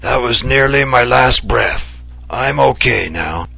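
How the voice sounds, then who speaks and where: A man's voice: mid-range voice, expressive, slow, vocal fry, pushed and bright, slightly rough, dry recording, pitched above the performer's own voice, heavily acted. A man voicing an impish, ailing older male writer who talks with mock seriousness and breaks into coughing bouts, in a dry recording. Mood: teasing.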